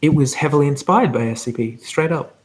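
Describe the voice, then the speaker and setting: A man hosting a live whispered ASMR Q&A, talking softly and rambling as he reads out viewer comments. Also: on the high side, brisk. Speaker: ASMR channel host.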